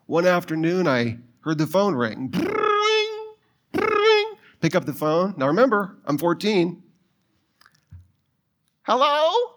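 In his sermon, a pastor in middle age recounts something from his own life and throws brief questions out to the audience. He speaks with a slightly high voice.

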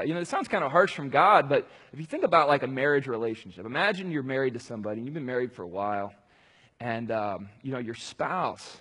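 A man's voice: mid-range voice, fairly bright tone, breathy edge. A man preaching a conversational sermon, talking casually and rambling, with many fillers and restarts. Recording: long hall reverb.

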